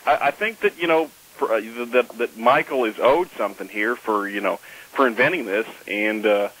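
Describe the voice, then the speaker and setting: A man's voice: medium pitch, moderate pace, fairly bright tone, poor audio. A man rambles through comic radio banter, hesitating and stacking fillers. His voice sits in an ordinary middle range. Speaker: co-host.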